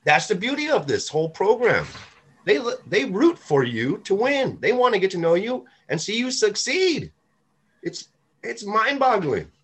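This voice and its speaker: A man's voice: high voice, sing-song, a little slow, a bit bright, husky. A man co-hosting a casual recovery podcast, talking emphatically and swearing now and then. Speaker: podcast co-host. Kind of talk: casual recovery-group chat.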